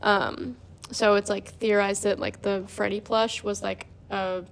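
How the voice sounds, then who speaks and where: A woman's voice: medium pitch, level tone, unhurried, vocal fry. A young woman hosting a podcast, explaining in a rambling, casual way full of "like". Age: young adult. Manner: rambling, peppered with 'like'. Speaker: podcast host. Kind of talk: casual chat.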